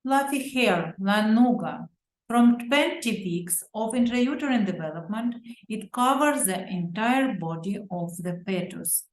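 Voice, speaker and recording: A woman with an Uzbek accent giving a medical lecture from slides, reading deliberately and pausing on fillers and self-corrections. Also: a little high, animated. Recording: roomy echo.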